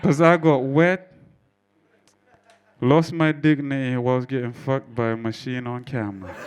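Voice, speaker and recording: A man's voice: mid-range voice, fairly even intonation, measured pace, noisy background. A man doing a stand-up comedy set, telling a story in a brash, profane way and bantering with the crowd. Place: comedy club stage before a live audience.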